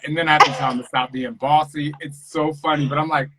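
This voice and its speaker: A man chatting earnestly about fatherhood, animated and acting out quotes as a guest on a video call. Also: on the high side, fairly quick, few pauses, rough recording. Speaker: podcast host and father, interview guest. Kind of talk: casual interview chat.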